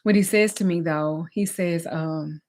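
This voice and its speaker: A woman's voice: lowish voice, unhurried, darkish tone. Woman, spiritual teacher, candid, emphatic, conversational storytelling. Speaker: spiritual teacher and life coach. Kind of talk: personal storytelling lesson.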